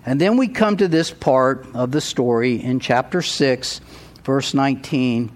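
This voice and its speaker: A man preaching a sermon, retelling a story in an animated, storytelling way and building to emphatic peaks. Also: mid-range voice, measured pace. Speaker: pastor.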